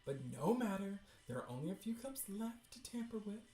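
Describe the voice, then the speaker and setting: A man's voice: sits high, very animated, brisk, warm tone, soft background music, pitched above the performer's own voice. A man reading out a theatrical stage performer who greets a distinguished guest in grand style. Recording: roomy echo.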